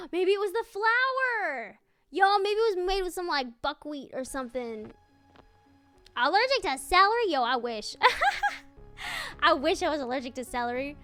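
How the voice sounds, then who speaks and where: A young woman streamer chatting casually with her viewers, telling a story in an animated way with lots of laughing and fillers. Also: very high-pitched, measured pace, soft background music. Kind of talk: casual live-stream chat.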